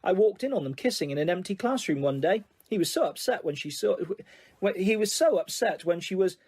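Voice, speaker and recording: A man's voice: sits high, animated, fairly quick, a little mellow, slightly rough, exaggerated voice. A man voicing a shy, giggly young schoolgirl who talks in a hesitant, anxious way, in an audiobook.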